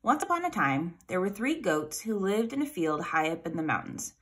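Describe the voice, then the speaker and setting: A woman reading a children's fairy tale aloud in an expressive, animated way. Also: on the low side, normal speed, slightly rough. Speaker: storyteller.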